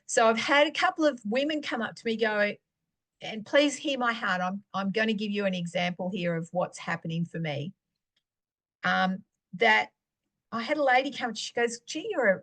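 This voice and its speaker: A middle-aged woman, sharing a faith testimony in a chatty, animated storytelling way. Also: fairly high pitch. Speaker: podcast host.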